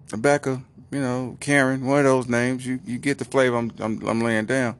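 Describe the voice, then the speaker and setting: A man telling a comic story in a slangy, animated way, acting out the characters. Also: fairly low pitch.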